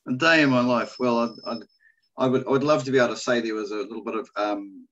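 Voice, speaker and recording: A man's voice: mid-range voice, quick pace, fairly bright tone. Thoughtful New man, lo-fi sound. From New Zealand. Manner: thoughtful, hesitant, many fillers. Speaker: school principal. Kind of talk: casual podcast interview.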